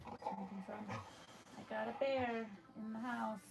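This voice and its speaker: A woman's voice: on the high side, fairly even intonation, very slow, gravelly, very noisy. A woman hosting a casual livestream from home, chatty and greeting viewers by name, tired after just waking up. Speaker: livestream host. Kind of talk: casual live chat with viewers.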